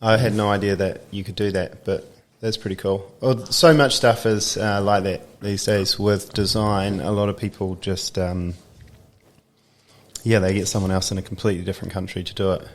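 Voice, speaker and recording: A man hosting a casual podcast interview, chatty and quick to laugh. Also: on the low side. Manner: relaxed, chatty, laughs easily. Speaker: podcast host.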